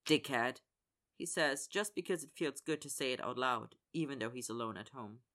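Storyteller with a bright, sharp tone who voices the characters' lines. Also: medium pitch, lively intonation, fairly quick. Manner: acts out characters' lines in dialogue. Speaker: narrator. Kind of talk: fan fiction audiobook reading.

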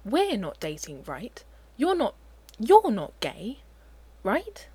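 A woman voicing an easygoing young man who teases and gets flustered, his lines pitched a little higher than her narration. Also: very animated, normal speed, darkish tone. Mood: wry.

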